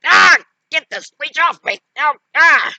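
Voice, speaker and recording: A man's voice: mid-range voice, lively intonation, slow pace, sharp tone, no room sound, lo-fi sound, heavily acted. A man voicing a wisecracking, foul-mouthed male killer doll in a one-man fan voice play, taunting and yelping. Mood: pained. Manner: taunting, snarky, yelps in pain.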